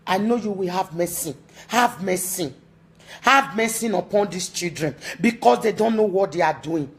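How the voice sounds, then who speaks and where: A woman's voice: on the low side, normal speed. A woman with a Nigerian accent making an emotional, pleading appeal, repeating her entreaties and now and then slipping into a sung chant.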